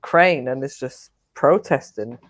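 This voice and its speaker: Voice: mid-range voice, takes it slowly. A speaker on a panel chat, telling news in a hesitant way with many ums. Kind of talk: casual group chat.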